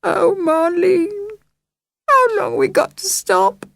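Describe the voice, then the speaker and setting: A woman voicing a tearful little evacuee girl who wails and sobs in a high voice. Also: huge pitch swings, slow pace, vocal fry, no room sound, studio quality, exaggerated voice. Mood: weepy. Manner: high wailing sobbing voice.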